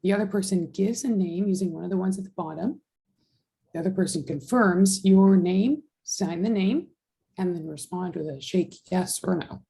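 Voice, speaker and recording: Brief: female teacher, dark gravelly voice, patient step-by-step explanations, video call. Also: fairly low pitch, normal speed, low-quality recording. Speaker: sign language teacher. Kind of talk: online class instruction.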